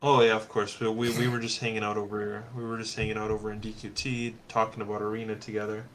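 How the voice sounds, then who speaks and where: A man's voice: on the low side, flat delivery, fast talker, fairly bright tone, a little hiss or hum. A man chatting casually with a friend on a stream, easygoing, often stammering as he starts his sentences. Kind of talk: casual chat.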